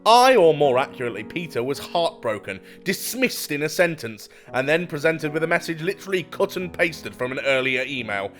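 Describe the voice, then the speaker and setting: A man's voice: on the high side, animated, brisk, hardly any pauses, a bit bright. A man narrating a scambaiting story in a dry, sardonic, scripted comedic style over faint music.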